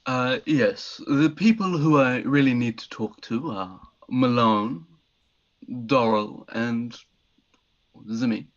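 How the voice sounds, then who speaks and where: A man's voice: mid-range voice, takes it slowly, muffled recording. A man playing a starship captain in a tabletop game, speaking in character with a dry, wry manner. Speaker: player as ship captain.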